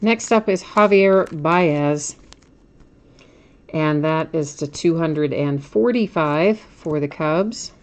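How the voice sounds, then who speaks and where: A woman's voice: low-pitched, slow. A woman hosting a card break, chatting casually as she names each card she pulls and laughs at her own slips.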